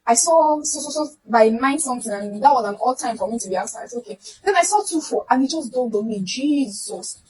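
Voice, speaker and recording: A woman's voice: sits high, a little fast, few pauses, slight background noise, low-quality recording. A young Nigerian woman telling a personal story to camera, acting out the voices of the people in it. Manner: animated, acts out voices in the retelling.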